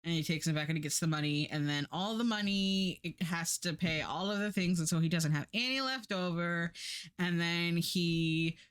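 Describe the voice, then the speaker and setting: A woman's voice: fairly low pitch, normal speed, clean tone. A young adult woman livestreaming, chatting casually in a rambling, sarcastic way with frequent laughter. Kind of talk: casual stream chat.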